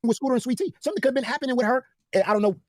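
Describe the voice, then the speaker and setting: A man co-hosting a livestream, explaining at length in a rapid casual way. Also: very high voice, dry recording, clean studio sound. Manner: rapid, explains at length with "you know what I'm saying". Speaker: co-host.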